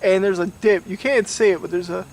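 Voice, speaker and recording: Young man, drunk and rambling, profane; high voice, distant mic. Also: fairly even intonation, brisk, vocal fry, darkish tone. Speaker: storyteller. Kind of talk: casual storytelling to camera. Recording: distant mic, faint noise.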